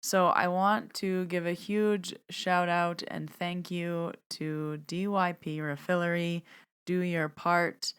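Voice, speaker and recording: A woman's voice: fairly low pitch, flat delivery, takes it slowly, a bit bright, clear, resonant tone. A woman hosting her own podcast, chatting through a reflective, heartfelt year-end recap as a medium and teacher.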